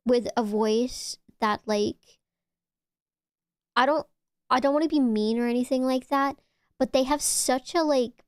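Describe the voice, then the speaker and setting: Woman, high voice, casual streamer chat, gushing, stammering restarts, dry close sound. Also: a little mellow, smooth, no room sound. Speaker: VTuber streamer.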